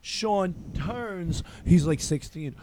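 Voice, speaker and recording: High-voiced man telling crude stories. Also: takes it slowly, a little hiss or hum. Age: 30s. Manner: animated, profane storytelling. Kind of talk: casual chat.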